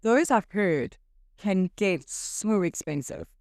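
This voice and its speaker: A woman co-hosting a casual podcast chat, an animated storyteller who often quotes other people. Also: mid-range voice, slow, no room sound, clean studio sound. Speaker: podcast co-host.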